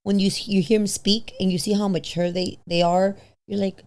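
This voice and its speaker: A woman in her thirties, a podcast guest telling a personal story casually, acting out quoted voices with big pitch jumps and slipping into Spanish now and then. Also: flat delivery, fairly quick, darkish tone, slight background noise. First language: bilingual, switches into Spanish. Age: 30s.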